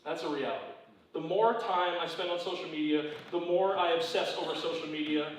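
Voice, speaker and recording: A man preaching a conversational sermon in a church, who repeats his phrases, keeps asking "right?" and drops low and quiet on serious points. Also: brisk, very echoey, recorded from a distance, a little hiss or hum, low-quality recording. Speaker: pastor. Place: church sanctuary.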